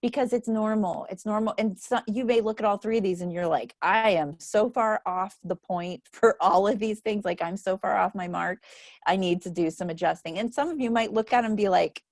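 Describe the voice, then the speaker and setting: A woman's voice: medium pitch, brisk, a little mellow, no room sound, clean studio sound. A middle-aged woman leading a book club, chatting casually and laughing often as she tells stories. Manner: chatty, laughs often, acts out quoted voices. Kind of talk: casual group chat.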